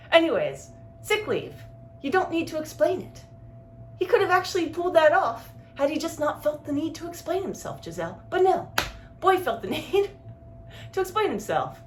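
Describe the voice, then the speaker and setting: A woman's voice: high voice, a little hiss or hum. A woman telling a casual story straight to one listener, blunt and exasperated, with casual swearing.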